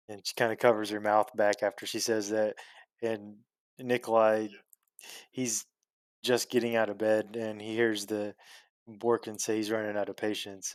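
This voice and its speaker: A man's voice: fairly low pitch, flat delivery, moderate pace, clean tone, no echo, studio quality. A man narrating as game master in a tabletop game, laid-back and laughing between lines.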